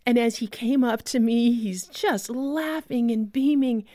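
A woman telling a personal faith story as a guest, earnest, with pauses and restarts. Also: on the high side, dark tone, no room sound, clean studio sound.

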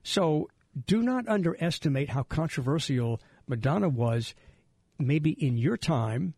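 A middle-aged male radio host with a gravelly, husky voice, chatting casually and rambling through stories with lots of restarts. His voice sounds close and dry, with no room around it. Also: a little high, lively intonation, unhurried, warm tone, no room sound. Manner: rambling, self-interrupting storyteller. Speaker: radio talk show host.

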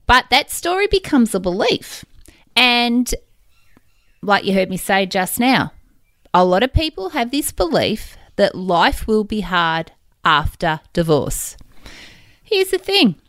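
A woman's voice: mid-range voice, dry recording, studio quality. A middle-aged woman giving a motivational talk, telling stories and speaking straight to the listener. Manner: animated storytelling, addresses the listener directly. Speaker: divorce coach.

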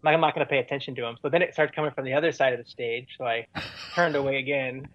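A man's voice: mid-range voice, fairly even intonation, fast, no room sound, lo-fi sound. A man telling stories as a guest in an interview, rambling with many fillers and restarts. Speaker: touring musician guest. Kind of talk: casual storytelling in an interview.

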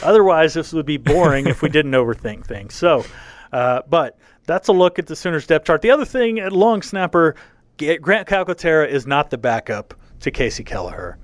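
A man's voice: fairly high pitch, expressive, no echo. A man hosting a casual sports podcast, talking things through with plenty of fillers and restarts. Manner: halting, many fillers and restarts. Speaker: podcast host.

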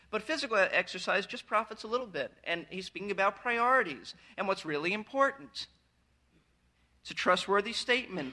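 A man's voice: high voice, pushed and bright. A man preaching a verse-by-verse sermon as pastor, earnest and emphatic, pressing his points harder as he goes.

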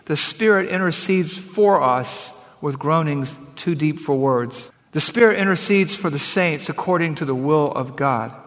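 A man preaching a sermon as pastor, emphatic, slowing down to read scripture aloud. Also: fairly high pitch, a bit bright, big-room sound.

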